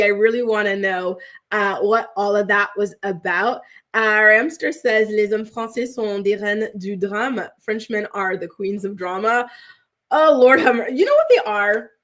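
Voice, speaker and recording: A woman in her thirties hosts a gossip show with a slightly high voice. She chats with her viewers in a lively, animated way and keeps checking in with them. When she quotes someone she mimics them in a higher voice. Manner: chatty, animated, keeps asking the viewers "right?"; jumps into high-pitched mock voices when quoting people. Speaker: host. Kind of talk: casual gossip commentary.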